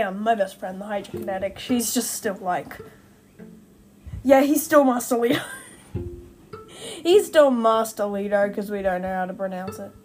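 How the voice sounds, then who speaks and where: A young woman hosts a casual fan-theory podcast from home by a window, her voice a little high. She rambles, corrects herself and giggles, and the recording quality is low.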